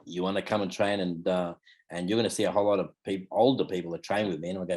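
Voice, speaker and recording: This Australian man in his fifties, a martial arts instructor, speaks fast in a low, steady, slightly mellow voice. Interviewed casually, he rambles and relies on fillers such as "you know" and "mate."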